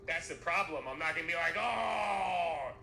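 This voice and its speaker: A man's voice: on the high side, fairly even intonation, fast, bright, forceful tone. A man talking casually and rambling, swearing freely and acting out imagined conversations. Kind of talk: casual chat. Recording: echoey room with noise.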